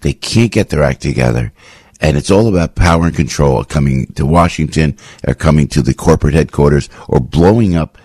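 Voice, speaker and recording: Low, husky man ranting on talk radio. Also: a little mellow, no room sound. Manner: ranting, emphatic, repeats phrases. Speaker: radio talk show host. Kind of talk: opinionated radio monologue. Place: radio studio.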